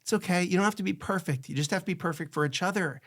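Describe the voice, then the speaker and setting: A man with a high voice, talking very fast, shares candid marriage advice drawn from his work as a divorce attorney. He performs both spouses' lines in a chatty style and grows soft and hushed during a personal story.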